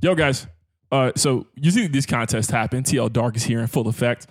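A man hosting a podcast, teasing his friends in an energetic, laughing way. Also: mid-range voice, moderate pace. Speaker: podcast host. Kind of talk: casual chat.

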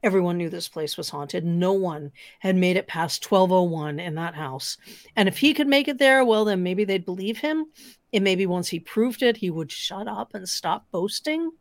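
A woman's voice: on the low side, lively intonation, normal speed, no room sound. A woman storyteller telling spooky stories on a podcast, building suspense and dropping to whispers. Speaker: storyteller guest.

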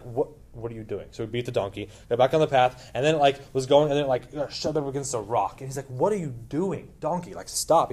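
A man's voice: mid-range voice, darkish tone. A man teaching a Bible lesson in a casual, informal way, retelling a story with lots of asides and questions to his listeners.

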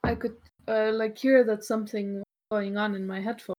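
A woman co-hosting a podcast, chatting in a friendly, relaxed way from away from the microphone. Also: mid-range voice, normal speed, poor audio. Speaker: podcast co-host. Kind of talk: casual chat. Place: away from the mic.

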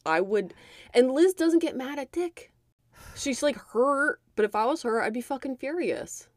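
A woman's voice: sits high, a little slow, no room sound, clean studio sound. A young adult woman co-hosting a podcast, recapping a movie in casual chat with lots of swearing and acted-out quotes. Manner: animated, profane storytelling with acted-out quotes. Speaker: podcast co-host.

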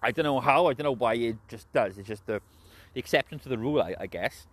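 Mężczyzna z brytyjskim akcentem, który luźno i chaotycznie omawia wrestling, dużo przeklina i często się śmieje. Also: male voice, medium pitch, quick pace, a bit bright, no room sound. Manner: heavy swearing, rambling, laughs often. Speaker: wrestling show reviewer. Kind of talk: casual spoken recap and opinion.

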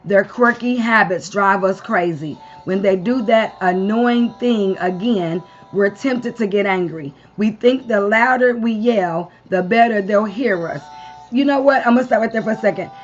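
A woman's voice: mid-range voice, moderate pace, muffled recording, soft background music. A woman preaching a Sunday morning devotion to a live-streamed audience, peppering her sermon with amens and long spoken lists.

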